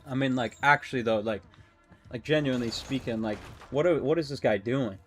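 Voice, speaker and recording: A young adult man streaming a game, rambling and excitable, swearing often and talking to his chat. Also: mid-range voice, fairly quick, faint music behind. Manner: talks to chat. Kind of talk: casual live-stream commentary while gaming.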